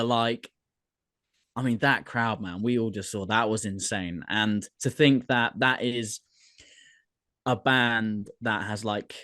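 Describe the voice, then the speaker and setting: A man's voice: fairly low pitch, a bit bright, no room sound. Podcast host guy, rambles and laughs a lot, dead dry close mic. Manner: laughs often, rambling, self-correcting. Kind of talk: casual podcast chat.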